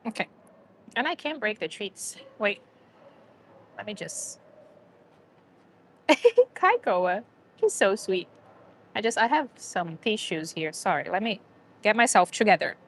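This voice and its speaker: A woman's voice: medium pitch, lively intonation, a little slow, pauses often. A woman hosting a casual livestream, chatting to viewers and a dog and laughing often. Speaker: livestream host.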